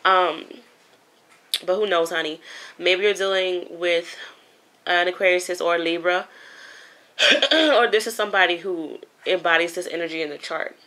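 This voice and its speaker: Woman, tarot reader, bright tone, talks to viewers like friends, casual and emotional. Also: lowish voice, measured pace, long pauses. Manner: chatty, emotional, swears casually, addresses viewers as honey and you guys. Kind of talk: casual spoken tarot reading.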